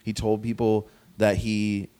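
A man chatting casually on a podcast, animated and swearing freely as he tells a strange story. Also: lowish voice, measured pace, smooth. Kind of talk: casual chat.

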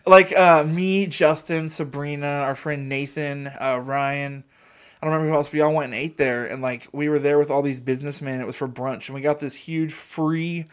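A young man tells a story in a casual chat. He laughs easily, and his voice sits a little high. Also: fairly even intonation, normal speed, clean tone. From Cincinnati, USA.

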